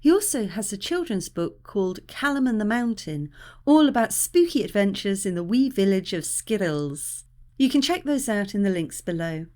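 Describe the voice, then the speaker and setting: A woman's voice: medium pitch, very animated, normal speed, dark tone. An English woman chatting about books in a casual explanatory way, with frequent ums and self-corrections. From England. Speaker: book vlogger.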